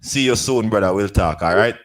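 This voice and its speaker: A man with a Jamaican accent hosting an interview show in a laid-back, casual way, giving shout-outs. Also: fairly low pitch, fairly quick. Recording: hip hop music playing behind.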